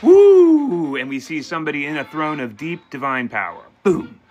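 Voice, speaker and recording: Casting: man, bright tone, tarot reader, playful and animated, soft music under the voice. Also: medium pitch, fairly quick. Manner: animated and playful, talking straight to viewers; voices questions and answers as quoted speech. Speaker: tarot reader taking questions. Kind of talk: live tarot reading for viewers.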